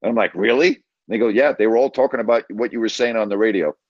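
Speaking quickly in a fairly low, steady, darkish voice, a sports radio broadcaster shares an anecdote as an interview guest, performing the quoted lines of each scene. The sound is lo-fi with no echo.

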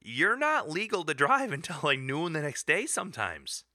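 A man's voice: fairly high pitch, sing-song, moderate pace, bright, forceful tone, no echo, clean studio sound. A man co-hosting a podcast in casual chat, telling stories in a rambling way and laughing often. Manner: rambling storyteller, laughs often, puts on voices when quoting. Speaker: podcast co-host.

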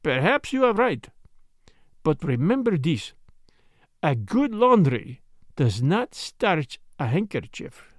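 A man's voice: fairly high pitch, big pitch swings, takes it slowly, long pauses, no room sound, studio quality, exaggerated voice. A man voicing a fussy, shrewd older Belgian detective in a storybook reading, with precise, formal speech. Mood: triumphant.

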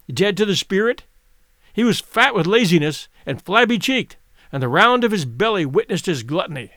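A man's voice: high voice, a bit bright, dry recording, studio quality, heavily acted. A man voicing a bitter, reproachful frontiersman, grave and declamatory, in a dramatic audiobook reading. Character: stern bitter male Yukon frontiersman, reproachful.

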